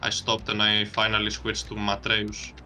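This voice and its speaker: A man's voice: lowish voice, completely flat delivery, normal speed, pushed and bright, faint music behind. A man casting a strategy game match, breaking down plays analytically and laughing easily. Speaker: esports caster. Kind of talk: game commentary.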